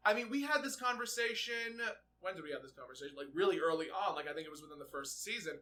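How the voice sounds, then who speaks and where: A man co-hosting a podcast, retelling a sitcom episode in an animated way and laughing often. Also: on the high side, fast. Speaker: podcast co-host. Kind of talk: casual recap chat.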